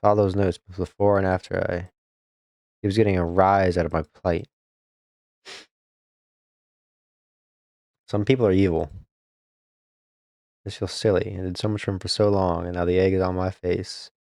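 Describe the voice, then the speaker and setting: A man voicing a forgetful old grandmother ghost, speaking softly and wistfully. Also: low voice, flat delivery, normal speed, creaky, dry recording. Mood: rueful.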